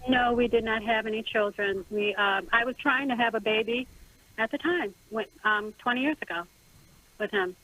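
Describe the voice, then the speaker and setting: A middle-aged woman calling in to a radio advice show, speaking haltingly with many restarts. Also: on the high side, bright, forceful tone, no room sound. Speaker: caller. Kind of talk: call-in radio question. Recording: phone line.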